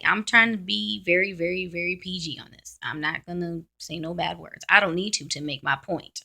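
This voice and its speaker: A woman's voice: on the low side, steady tone, normal speed, creaky, few pauses, pushed and bright. A woman vlogger talking bluntly to camera in a casual, ranting monologue.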